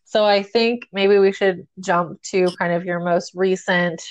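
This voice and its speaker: A woman hosting an interview who gently guides her guests through their story. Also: mid-range voice, steady tone, measured pace, no echo, highs cut off. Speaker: host, interviewer. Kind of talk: interview questions.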